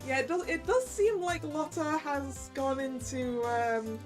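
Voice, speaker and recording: A woman's voice: high-pitched, measured pace, soft background music. A woman streamer casually commenting while playing a story game, thinking aloud. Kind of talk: let's-play commentary.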